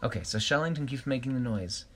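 A man's voice: mid-range voice, animated, quick pace, a bit bright, a little hiss or hum. Man telling an improvised story. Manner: hesitant, self-correcting.

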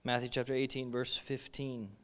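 A man's voice: medium pitch, completely flat delivery, normal speed, a bit bright, clear, resonant tone. A male pastor giving a sermon to a congregation, talking in an emphatic, repetitive, conversational way. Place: in front of a congregation.

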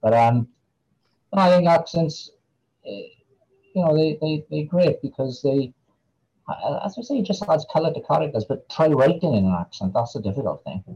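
A man's voice: on the high side, sing-song, normal speed, dark tone, husky, dull audio. A man with a Welsh Valleys accent, an author answering interview questions in a hesitant way, with lots of fillers and repeated words. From Wales. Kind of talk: casual interview chat.

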